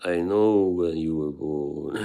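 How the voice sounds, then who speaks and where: A man's voice: low voice, slow pace, vocal fry, warm tone. A man hosting a livestream, chatting casually with viewers and laughing often between remarks. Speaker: livestream host reading chat.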